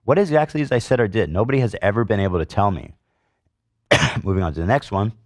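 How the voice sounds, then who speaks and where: Male podcast host, middle-aged, heated and sarcastic commentary, deep voice, dry studio sound. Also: quick pace, no room sound. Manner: indignant, swears, reads comments aloud with sarcasm.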